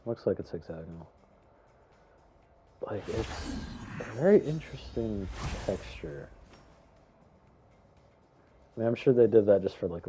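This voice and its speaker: A young man giving casual, rambling commentary on a video game, chatty and excitable, with lots of fillers and some stuttering. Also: on the low side, noisy background. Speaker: gaming YouTuber.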